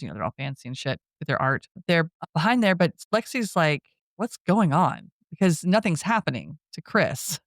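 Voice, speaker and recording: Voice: mid-range voice, no echo, studio quality. A podcast co-host giving a casual scene-by-scene movie recap, acting out quotes and laughing often. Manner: retells scenes with acted-out quotes.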